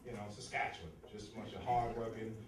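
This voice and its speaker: Man, American, stand-up comic, swearing, animated storytelling, distant mic, roomy club echo. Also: fairly low pitch, fast talker. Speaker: stand-up comedian. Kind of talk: stand-up comedy set. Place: comedy club stage. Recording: echoey live club, crowd and noise. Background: laughing audience.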